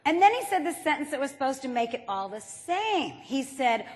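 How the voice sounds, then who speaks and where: A woman's voice: high voice, big pitch swings, normal speed, hardly any pauses. A woman giving a humorous keynote talk, telling stories playfully and acting out the quotes. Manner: playful storytelling, acts out quotes. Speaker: motivational speaker. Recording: reverberant hall.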